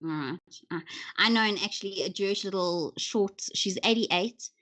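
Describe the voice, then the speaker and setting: A woman's voice: medium pitch, fairly bright tone. Woman hosting a chill interview, chatty, lots of ums, normal mid voice. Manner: chatty, many ums, quick question-asking. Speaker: interview host.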